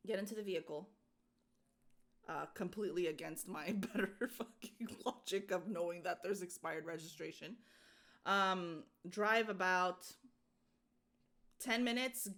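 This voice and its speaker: Young woman co-host, bright tense tone, animated storyteller who does the voices. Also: mid-range voice, a little slow, pauses often. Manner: animated, acts out quoted voices, laughs often. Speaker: podcast co-host. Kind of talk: casual storytelling chat.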